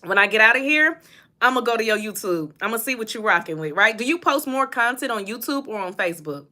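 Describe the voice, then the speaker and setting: A young woman talks casually into her phone, greeting viewers by name and answering their comments. Her voice is bright and sits a little high, and she laughs easily between remarks. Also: expressive, quick pace. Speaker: host. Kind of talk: casual livestream chat.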